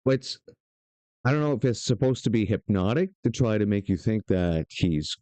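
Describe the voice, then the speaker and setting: Male stream host, mellow low voice, rambling sardonic commentary. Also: animated, a little fast, dry recording. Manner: rambling, sarcastic asides. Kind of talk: stream-of-consciousness political commentary.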